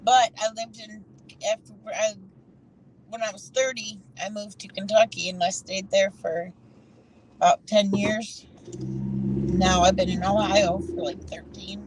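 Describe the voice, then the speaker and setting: A woman's voice: medium pitch, very animated, unhurried, recorded from a distance, slight background noise, poor audio. A woman from Michigan chatting casually on a livestream.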